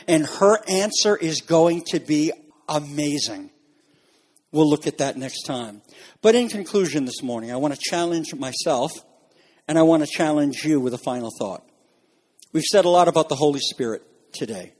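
A man's voice: animated, moderate pace, a little mellow, breathy edge. Earnest male pastor in a reverberant hall. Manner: earnest, rises in pitch for emphasis. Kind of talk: sermon. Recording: long reverb in a large room.

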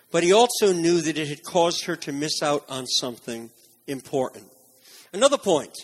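A man delivers a sermon in a husky, somewhat high voice. He preaches earnestly, pressing his points with emphasis, then softens into quieter, reflective stretches. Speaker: pastor.

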